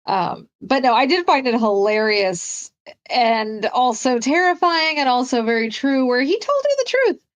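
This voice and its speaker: A woman co-hosting a casual film discussion, animated and acting out the characters' lines as she retells scenes. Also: measured pace, smooth. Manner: animated, acts out quotes in a higher voice. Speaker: podcast co-host.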